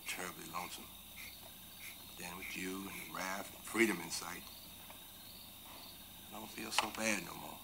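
A remorseful runaway on a raft speaks in a very low, gravelly rural Southern voice with a bright, forceful tone. He talks slowly and from the heart, sinking into near-whispers. A faint hiss of night ambience sits under him. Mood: wistful. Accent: Southern US rural dialect. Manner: slow heartfelt storytelling, drops to hushed whispers. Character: runaway grown man on a raft, tender, remorseful. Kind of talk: 1980s TV film drama acting.

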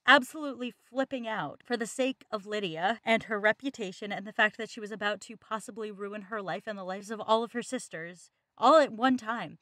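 A young adult woman co-hosting a casual book podcast, jokey and animated, acting out quotes as she tells stories. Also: mid-range voice, a little fast, few pauses, no echo, studio quality. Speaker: podcast co-host.

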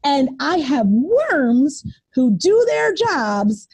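A woman preschool teacher reading a picture book aloud to young children in an animated, sing-song way. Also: high-pitched, drawn-out words.

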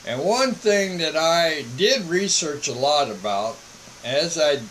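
A man's voice: a little high, animated, a bit bright, slight background noise, poor audio. A man, a missionary broadcasting a casual monologue from home and checking in with "all right?". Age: 70s. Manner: slow, folksy, repeats "all right?".

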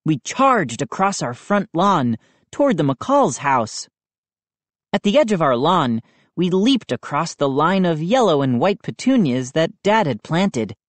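A woman narrating a children's book aloud in an expressive storytelling manner. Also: sits low, unhurried, no room sound. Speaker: audiobook narrator. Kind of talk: children's book read-aloud with character voices.

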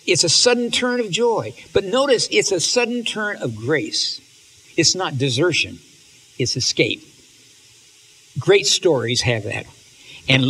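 A man giving an animated, emotional lecture on stories, reading passages aloud and often restarting his sentences. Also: on the high side, a little hiss or hum. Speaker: speaker on literature and faith.

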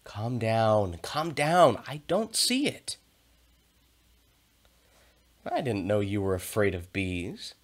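A man voicing Milo, a calm, smart male cat, in a soothing, reassuring voice for a children's story. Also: lowish voice, takes it slowly, exaggerated voice.

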